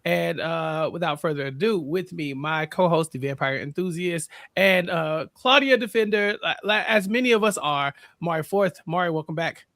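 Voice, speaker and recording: High-voiced upbeat male podcast host. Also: normal speed, hardly any pauses, fairly bright tone, no room sound, clean studio sound. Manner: upbeat, chatty, laughs often. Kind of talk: casual podcast recap chat.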